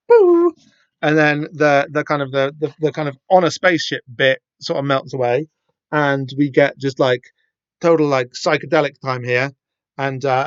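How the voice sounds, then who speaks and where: A podcast host talks through a comic casually and ramblingly, with many fillers and restarts. His voice sits at medium pitch, and the lo-fi recording sounds dull, with no room sound.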